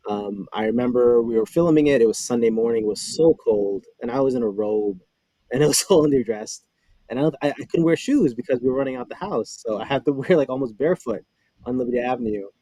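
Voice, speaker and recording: A man's voice: medium pitch, quick pace, warm tone, no echo, poor audio. A man, a former cast member, recalling a scene in casual chat, rambling with many fillers.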